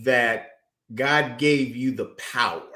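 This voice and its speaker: A man's voice: mid-range voice, takes it slowly, sharp tone. A male host in a casual interview who answers with affirming remarks that lean toward preaching.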